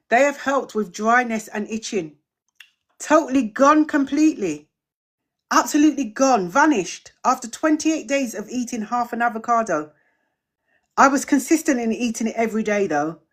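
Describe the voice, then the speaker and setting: Her voice is on the high side as this middle-aged woman runs a live-streamed community drop-in. Chatting in a relaxed way, she welcomes viewers and responds to their questions using repeated phrases.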